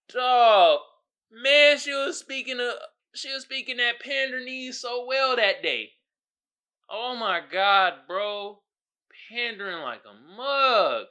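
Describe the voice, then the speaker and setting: A man hosting a casual solo podcast, riffing in an animated, exasperated way with lots of slang and laughter. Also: high-pitched, clean tone. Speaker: podcast host.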